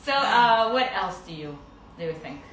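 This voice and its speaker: A woman pediatric dentist chatting casually with a colleague, animated and laughing often as she acts out her young patients. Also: medium pitch, normal speed, noisy background. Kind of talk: casual chat. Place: dental clinic. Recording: echoey room, far from the mic.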